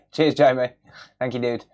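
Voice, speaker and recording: A man talks at an unhurried pace while he runs a casual livestream from his cluttered home workshop. He is relaxed and jokey as he reads viewer names off the chat and greets each one. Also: medium pitch. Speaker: electronics repair livestreamer.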